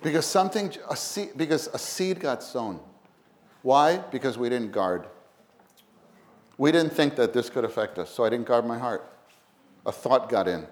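A man preaching a sermon, animated, swinging from loud to hushed and acting out little quotes. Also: mid-range voice.

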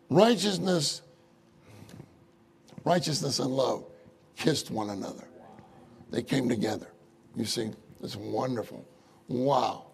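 Gravelly preacher man, lively sermon. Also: a little high. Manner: animated, asks the audience rhetorical questions; chuckles often while telling anecdotes.

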